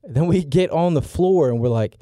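A man in his forties, a podcast regular, telling a story in a lively, excitable way with many fillers. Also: a little high, moderate pace, no room sound, clean studio sound. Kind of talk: animated storytelling.

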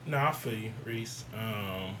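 A man's voice: fairly low pitch, takes it slowly, pushed and bright. A laid-back man talks through his points in a casual discussion. His voice carries noticeable room echo, and faint noise runs underneath it. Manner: laid-back, says "you feel what I'm saying".

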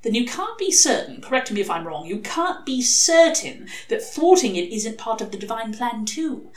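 A woman's voice: fairly high pitch, very animated, voice pushed up. A woman voicing a sly male demon who presses his arguments urgently. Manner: pushy, fast-pressing arguments. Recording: echoey room.

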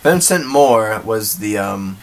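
A man co-hosting a podcast who talks in a dry, measured, slightly hesitant way in casual chat. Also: on the low side, expressive. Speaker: podcast co-host. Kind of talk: casual movie-review chat.

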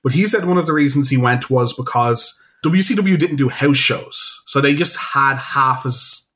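A man co-hosting a casual podcast chat, talking in an enthusiastic, rambling way with quick asides. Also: medium pitch, fairly bright tone. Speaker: podcast co-host.

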